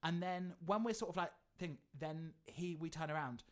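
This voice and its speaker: A woman's voice: deep voice, normal speed. Chatty woman telling a wild story. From England. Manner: animated storytelling, swears freely, says like a lot. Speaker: podcast co-host. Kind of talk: casual chat.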